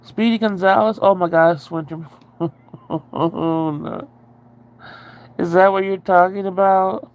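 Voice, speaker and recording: A woman's voice: fairly low pitch, steady tone, slow pace, pauses often, darkish tone. Rambling, chatty woman on a livestream. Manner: rambling and chatty, reads and answers viewer comments, swears casually. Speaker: livestream host. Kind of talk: casual livestream chat.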